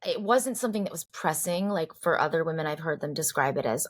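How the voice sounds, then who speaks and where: A woman in her forties from the Boston area speaks as an interview guest, voice sitting a little low. She talks in an earnest, searching way, circling back and restarting her thoughts as she opens up. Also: fast talker, hardly any pauses. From Cambridge, Boston area. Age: 40s. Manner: earnest, reflective, many fillers and restarts. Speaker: guest singer-songwriter. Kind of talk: heartfelt conversational interview.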